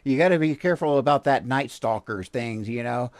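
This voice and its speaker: A man's voice: mid-range voice, a little fast, dry recording, clean studio sound. A man hosting a video reaction show, talking bluntly and casually, swearing now and then and chuckling often.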